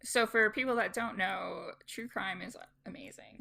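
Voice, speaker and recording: A woman's voice: a little high, moderate pace, creaky, hardly any pauses, pushed and bright. A woman hosting a podcast, asking questions in a chatty, enthusiastic, rambling way. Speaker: podcast host. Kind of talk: casual interview.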